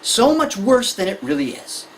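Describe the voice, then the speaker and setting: A woman's voice: medium pitch, sing-song, normal speed, slight background noise, low-quality recording. Woman talking to parents about kids and anxiety, voice goes up and down a lot, chatty. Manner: conversational, illustrates with examples and acted-out scenes. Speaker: speaker on child anxiety. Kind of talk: lecture to parents.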